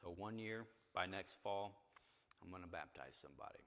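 A man's voice: sits low, moderate pace, fairly bright tone, in a large hall. A man leading an interactive Bible class, talking conversationally and asking the group questions. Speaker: church teacher. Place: church hall with a group.

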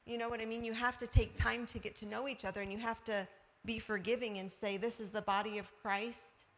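A woman's voice: on the high side, little pitch movement, a little fast. A woman sharing everyday examples in a casual faith discussion, often asking "you know". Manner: warm storytelling with everyday examples and laughs.

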